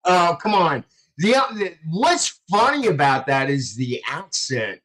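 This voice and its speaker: A man's voice: on the high side, big pitch swings, unhurried, a bit bright, a little hiss or hum, poor audio. A man in his fifties hosting a casual panel chat, telling rambling anecdotes and laughing often. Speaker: podcast host.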